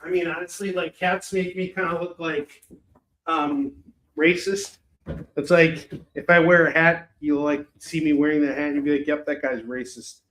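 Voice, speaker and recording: A man's voice: a little high, little pitch movement, normal speed, fairly bright tone. Rambling chatty male stream host. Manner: rambling, chatty, self-mocking. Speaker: live shopping stream host. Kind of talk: casual chat. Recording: roomy echo.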